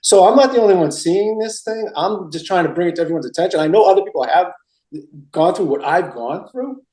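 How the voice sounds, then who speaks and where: A man's voice: high voice, lively intonation, fairly quick, mellow, reverberant, poor audio. A middle-aged man from Massachusetts telling stories in an interview, rambling and repeating himself with many restarts. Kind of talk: casual storytelling interview.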